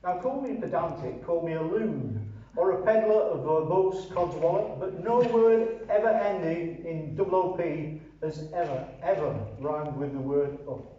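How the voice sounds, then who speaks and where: Unhurried and a little high, the voice belongs to an older man from northern England who reads his poetry and comments sardonically and dryly. The recording is roomy and muffled, the mic distant, with faint ambience and slight background noise.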